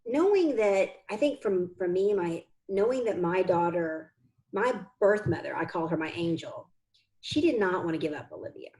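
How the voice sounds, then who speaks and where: A woman's voice: on the low side, lively intonation, normal speed, a little mellow, poor audio. Heartfelt woman telling an adoption story. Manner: heartfelt and earnest, close to tears. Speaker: interview guest, adoptive mother and foundation founder. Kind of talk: conversational interview storytelling.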